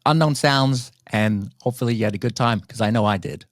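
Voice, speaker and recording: A man's voice: medium pitch, fairly quick, no echo, clean studio sound. An English man hosting a casual interview, effusive and gushing with praise for his guest. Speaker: podcast host.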